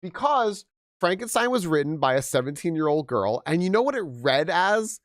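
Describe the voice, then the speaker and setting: A young man chatting casually on a game stream, rambling and animated with frequent restarts, slightly hoarse from losing his voice. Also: fairly high pitch, normal speed, no room sound, clean studio sound. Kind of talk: casual live-stream chat.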